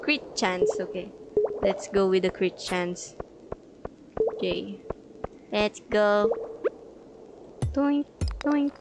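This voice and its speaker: A woman's voice: mid-range voice, level tone, takes it slowly, gravelly, pauses often, heavy background noise. A woman casually commenting on her own gameplay, playfully chatting at the enemies and giggling often. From Philippines. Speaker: gaming channel host. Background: background music.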